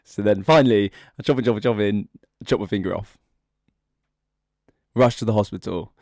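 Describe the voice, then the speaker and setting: With a lowish, darkish voice at a moderate pace, this young podcast co-host drags out the setup of a long, meandering joke, laughing frequently as he goes. It is a casual telling. The studio recording is dry.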